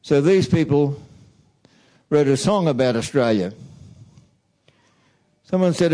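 Man, church talk, slow delivery, mellow dark voice, measured. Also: on the high side, animated, rough recording. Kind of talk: reflective talk, reading song lyrics aloud.

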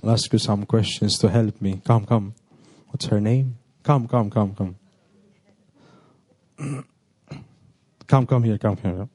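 A man who is a priest with a non-native English accent. He reads a gospel passage, then gently questions children, ending his sentences with tag words. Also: fairly low pitch, fairly even intonation, slow, long pauses, breathy edge, dry recording. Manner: gentle, coaxing, repeats questions, ends with "no?" and "okay?".

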